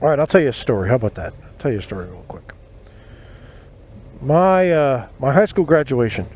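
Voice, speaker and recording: Riding a motorcycle through city traffic, a man in his forties tells self-deprecating stories into a helmet-mounted mic, his voice medium-pitched, slightly rough, brisk and lively in intonation. He's a motorcycle vlogger chatting casually, and the outdoor recording is full of loud traffic and road noise.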